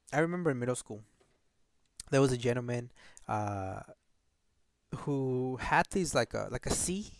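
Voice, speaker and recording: A man chats casually to his viewers, telling a story from his school days. He rambles and restarts his sentences, laughs now and then, and keeps his pitch in a middling range. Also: creaky, no echo. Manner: rambling, many restarts, laughs often, addresses viewers as guys. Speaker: channel host. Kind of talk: casual storytelling while washing a car.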